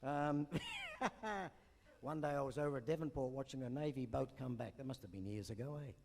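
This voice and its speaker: A man's voice: medium pitch, moderate pace, darkish tone. An older man doing stand-up at an awards night, rambling through jokes and asides. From New Zealand. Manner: rambling joke-teller with asides. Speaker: comedian. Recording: long reverb in a hall.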